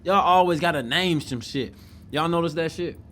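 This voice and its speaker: A man's voice: fairly high pitch, normal speed, a little hiss or hum. A man hosting a podcast, giving loose, profane reaction commentary and talking back at the video in disbelief. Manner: animated, incredulous, profane, talks back to the screen.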